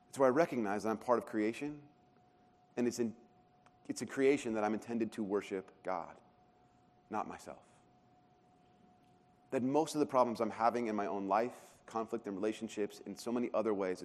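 A man in his thirties preaching a sermon as a pastor, telling stories in a conversational, self-deprecating way. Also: lowish voice. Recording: long hall reverb.

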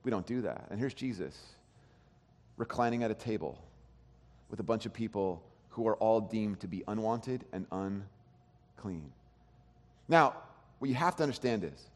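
A man preaching a sermon as pastor, animated, swinging between hushed and loud. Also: fairly low pitch, normal speed, pauses often. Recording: long hall reverb.

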